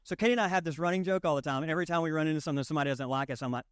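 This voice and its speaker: A Southern-accented pastor from the US South rattles off a conversational sermon in a slightly high, rapid-fire voice. He's folksy and jokey, repeating lines for emphasis, captured in clean studio sound with no echo.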